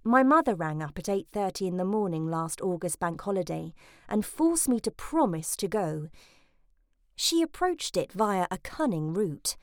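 A woman's voice: medium pitch, big pitch swings, normal speed, a little mellow, no echo, studio quality. A woman reading a first-person audiobook in a wry, exasperated manner. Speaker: audiobook narrator.

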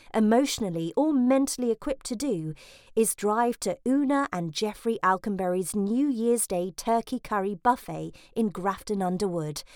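A woman's voice: mid-range voice, a little mellow, no room sound, studio quality. A woman reading a first-person audiobook in a wry, exasperated manner. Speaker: audiobook narrator.

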